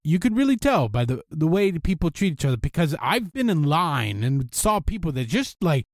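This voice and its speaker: A man hosting a podcast, giving blunt, animated dating advice in a casual monologue and swearing freely. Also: sits high, a little fast, few pauses, no echo, studio quality. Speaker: podcast host.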